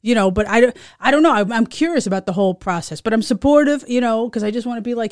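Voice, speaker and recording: This is a chatty woman, talking casually and laughing often as she goes. Her voice sits fairly high, and it is recorded close and dry with no room sound around it. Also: expressive, quick pace, few pauses, no echo. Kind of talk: casual chat.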